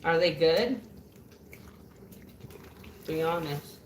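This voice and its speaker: A middle-aged woman with a West Texas accent, talking softly and matter-of-factly over dinner. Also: low voice, extremely slow, recorded from a distance, slight background noise. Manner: soft-spoken, plain, matter-of-fact. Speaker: co-host. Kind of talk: casual chat while eating dinner. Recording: echoey room, off-mic.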